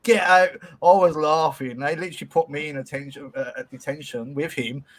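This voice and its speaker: A man's voice: a little high, steady tone, brisk, a little mellow. Sweary man, casual podcast host. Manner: loose, sweary, chuckling.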